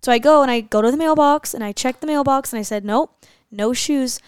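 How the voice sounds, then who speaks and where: A woman's voice: high voice, quick pace, smooth, no room sound. A pregnant woman co-hosting a casual podcast, telling stories in a chatty way and laughing often. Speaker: podcast co-host. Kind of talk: casual couple's podcast chat.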